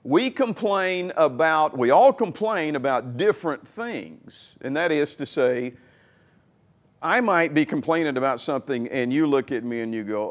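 A man's voice: on the high side, expressive, a little slow. A middle-aged male pastor giving a conversational, folksy sermon. He often repeats words and restarts his sentences.

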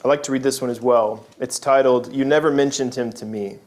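A man's voice: mid-range voice, fairly even intonation, fairly quick, darkish tone. A man preaching a sermon in an earnest, conversational way, with frequent restarts and asides to the congregation.

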